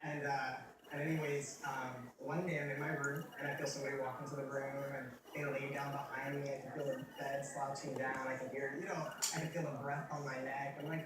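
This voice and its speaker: A man's voice: mid-range voice, level tone, brisk. A young man giving a candid personal testimony in a casual, rambling way, with self-deprecating humor and quotes he acts out. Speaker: testimony speaker. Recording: roomy, distant mic with noticeable background noise.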